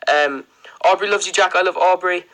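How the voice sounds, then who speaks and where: A man's voice: high-pitched, fairly even intonation, moderate pace, a bit bright, rough recording. An Irish man chatting casually on a livestream, rambling through viewer questions with plenty of ums and likes and frequent laughs. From Ireland. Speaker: livestream host.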